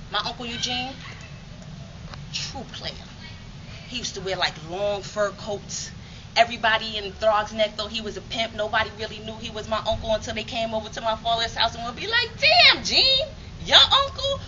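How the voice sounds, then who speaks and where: A woman's voice: on the high side, muffled recording, background noise. A woman from New York performing a dramatic spoken monologue in a rhythmic, emphatic, streetwise way.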